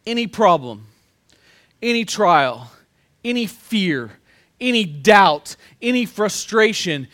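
A middle-aged pastor preaches with a high, bright, ringing voice. He tells stories and swings from hushed asides to loud punchlines. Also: takes it slowly. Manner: storytelling with lively swings between quiet asides and loud punchlines. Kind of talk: sermon.

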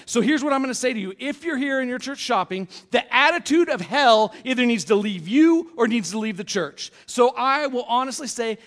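A man in his thirties preaching a sermon as pastor, casual, blunt and joking, swinging from quiet asides to loud punchlines. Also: sits high, animated, moderate pace, few pauses.

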